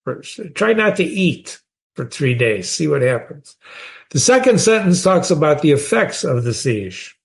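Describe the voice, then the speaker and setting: A man's voice: fairly high pitch, very animated, a little slow, creaky. A man, teaching a short story in a conversational way and often asking the listener questions. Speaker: literature teacher.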